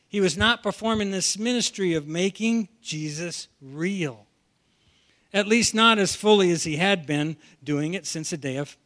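This man's voice is high and a bit bright as he preaches an expository sermon from the Bible. He talks animatedly, frequently restarting phrases and repeating words along the way.

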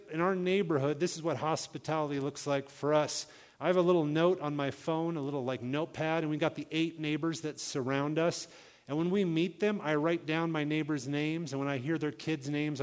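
A married man preaching a sermon as pastor, in a conversational way that acts out little quoted scenes. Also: on the high side.

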